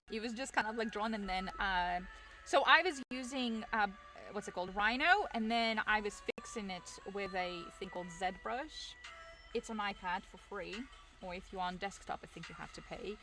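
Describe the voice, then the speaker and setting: A woman's voice: medium pitch, sharp tone. A young woman streamer chatting casually with her viewers, rambling, self-deprecating and laughing often.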